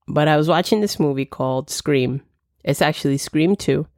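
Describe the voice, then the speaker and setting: A woman's voice: deep voice, normal speed, darkish tone, dry recording, studio quality. A young woman hosting a solo podcast, chatting casually and acting out the dialogue of her stories. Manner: chatty storytelling, acts out quoted dialogue. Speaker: podcast host.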